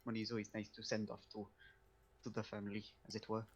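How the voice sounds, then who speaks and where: A man's voice: lowish voice, completely flat delivery, fast, dull audio. A man playing a tabletop game over a call, joking wryly in and out of character. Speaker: player.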